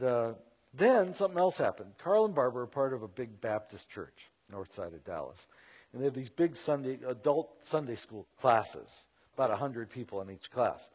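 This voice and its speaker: A man telling a story to an audience in an animated, conversational way, with many fillers and asides. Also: mid-range voice. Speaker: Christian speaker. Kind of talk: storytelling talk.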